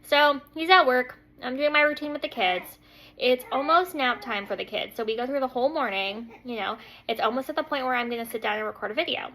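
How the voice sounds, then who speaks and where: At her home kitchen table, a makeup vlogger in her thirties talks fairly quickly in a high voice, spinning a meandering story full of "like" and "um." She's an animated storyteller who performs the quotes. The recording is rough, with slight background noise.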